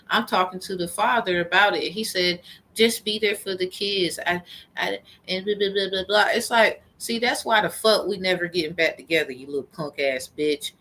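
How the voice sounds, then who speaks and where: A woman's voice: mid-range voice, bright, forceful tone. Heated, profane woman ranting. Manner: heated, profane, rambling storytelling. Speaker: vlogger. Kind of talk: angry personal rant.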